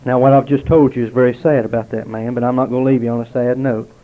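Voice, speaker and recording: A man giving a heartfelt spoken testimony to a gathering at a restaurant, telling stories with dramatic pauses. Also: mid-range voice, steady tone. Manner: earnest, storytelling with dramatic pauses. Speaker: lay speaker giving testimony. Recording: tinny, narrow-band lo-fi recording.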